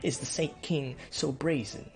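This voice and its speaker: A man voicing a pompous, scheming middle-aged duke in a game let's play, with a nasal, weaselly twang and formal, drawn-out courtly speech. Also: medium pitch, steady tone, over music, natural voice.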